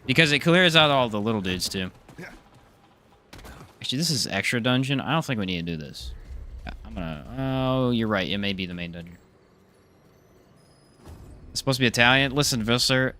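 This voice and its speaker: A man's voice: mid-range voice, expressive, brisk, pauses often, bright, forceful tone. A man streaming a live game, chatting casually, joking and answering his chat. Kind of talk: casual live gameplay commentary.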